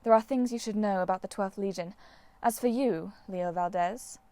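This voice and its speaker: Brief: woman reader as composed huntress goddess, cool and wry, mid-pitched. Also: normal speed, no room sound, natural voice. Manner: calm, dry, understated. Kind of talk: audiobook character voice.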